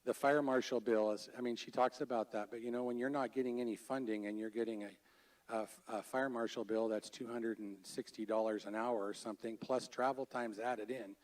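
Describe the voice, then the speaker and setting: A man who manages a county fair gives a halting, earnest public comment at a board meeting, with many restarts. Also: medium pitch, fairly even intonation. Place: state board meeting room. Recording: voice a bit far from the mic.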